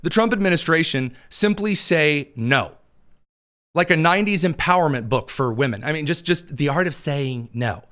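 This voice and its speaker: A slightly high-voiced man hosting a news show from a studio mic. He runs through the headlines with wry, sarcastic asides and chuckles at his own jokes, his throat a little dry. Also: animated, normal speed, fairly bright tone. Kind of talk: sarcastic political news commentary.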